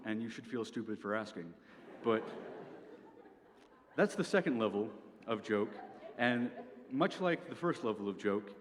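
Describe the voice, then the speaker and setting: A young man giving a comic presentation at an event, with a dry delivery that tags his points with "okay?". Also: mid-range voice. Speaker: speaker at a student event. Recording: reverberant hall, faint background noise.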